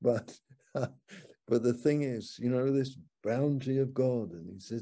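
A man's voice: mid-range voice, slow pace, gravelly, mellow. An older man giving an informal, conversational sermon from the upstairs lounge of a home, reading scripture aloud as he reflects. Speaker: preacher.

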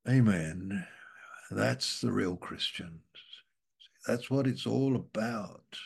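A man preaching an informal sermon that explains Bible verses, rambling and saying "you know" often, dropping at times from loud to hushed. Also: lowish voice, slow pace, vocal fry, husky.

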